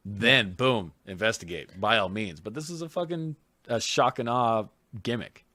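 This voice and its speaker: A man's voice: fairly low pitch, normal speed, sharp tone, no room sound. A man co-hosting a podcast in casual chat, blunt and argumentative, swearing freely. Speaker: podcast co-host.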